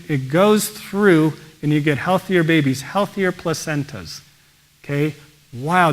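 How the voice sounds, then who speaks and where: A man, a pediatrician, giving an energetic presentation and often exclaiming in wonder. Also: on the high side. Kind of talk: enthusiastic presentation talk.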